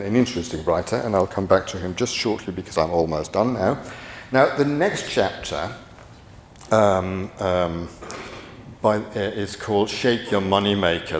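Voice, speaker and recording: Here a middle-aged man speaks in a low voice at a conference, his talk rambling and peppered with fillers and restarts. A little hiss or hum sits under the echoey, far-off hall recording.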